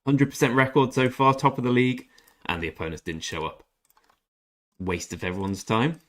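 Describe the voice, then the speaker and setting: A young British man streams a game and chats casually with viewers by name, giving blunt opinions laced with mild swearing. His medium-pitched voice is fairly bright, with fairly even intonation and a moderate pace.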